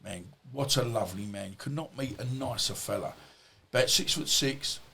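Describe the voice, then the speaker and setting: A man's voice: medium pitch, normal speed, vocal fry, pushed and bright, husky. A middle-aged man, a former boxer and podcast guest, telling casual stories in a rambling, anecdotal way full of asides. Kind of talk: casual storytelling.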